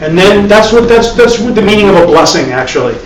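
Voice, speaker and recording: With a high, expressive voice and a fairly quick pace, a man teaches a live spiritual class. He's a meditation teacher giving a dharma talk in a conversational style, repeating words and making wry asides, recorded in an echoey room by a distant mic with faint hiss.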